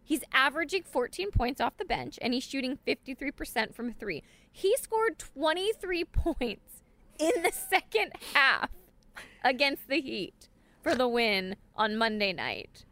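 A woman co-hosting a casual sports chat, animated and laughing often, with lots of fillers. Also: high voice, a little slow. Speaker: podcast co-host.

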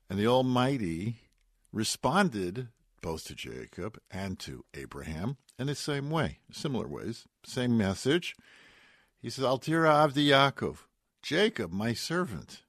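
Low husky guy preaching a bible story, folksy asides, voice jumps around a lot. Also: no echo, clean studio sound. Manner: animated storytelling with Hebrew and Yiddish words. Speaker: rabbi giving a weekly Torah talk. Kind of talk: radio sermon on the weekly portion.

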